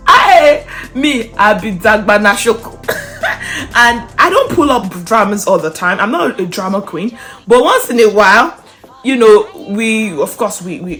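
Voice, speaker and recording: Chatty young woman vlogger, laughing often. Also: medium pitch. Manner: animated, laughs often while talking. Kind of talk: casual chatty storytelling to camera.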